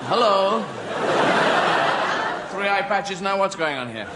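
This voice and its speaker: A man's voice: high voice, expressive, fairly quick. A man doing stand-up comedy. He rambles through surreal tangents, keeps losing his thread and laughs at his own jokes. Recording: live stand-up with loud background noise.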